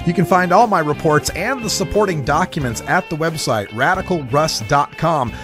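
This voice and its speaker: A male host delivering a scripted podcast segment in a brisk, reporting tone. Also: a little high, expressive, over music.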